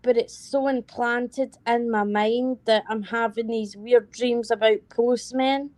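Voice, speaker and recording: A woman's voice: on the high side, fairly even intonation, slow pace, darkish tone, no room sound. Scottish woman, dry close sound. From Scotland. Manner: apologetic, rambling. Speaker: panel guest. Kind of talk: casual chat.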